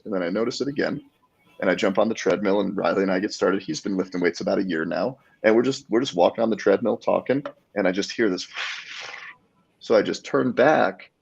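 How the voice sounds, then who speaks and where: Deep gravelly man telling a story. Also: highs cut off. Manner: animated storyteller acting out quotes. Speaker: guest, jiu-jitsu black belt. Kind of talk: casual storytelling.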